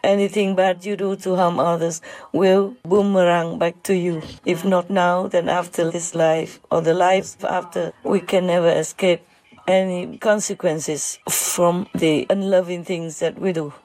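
A woman giving a heartfelt spiritual talk, emotional and halting, choked up, with tearful laughs between words. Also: lowish voice, little pitch movement, a little mellow, rough recording.

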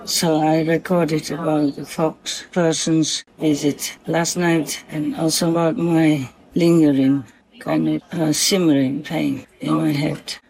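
A soft-spoken vlogger who talks gently and affectionately, as in a spoken diary at night. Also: mid-range voice, level tone, slow pace, vocal fry, rough recording. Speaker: vlogger speaking to a visiting fox spirit. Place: outdoors at night by a forest.

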